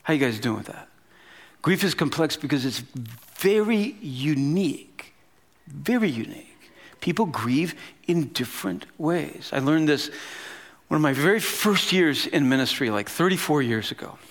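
A man's voice: fairly high pitch, moderate pace. Man in his fifties preaching a story-driven sermon. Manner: conversational, animated storytelling with casual asides. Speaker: pastor.

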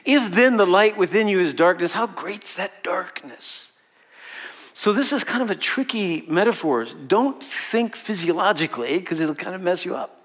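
A man's voice: high-pitched, animated, moderate pace, fairly bright tone. A man preaching a sermon to a room of people in a conversational way, asking the audience questions and laughing often. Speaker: pastor.

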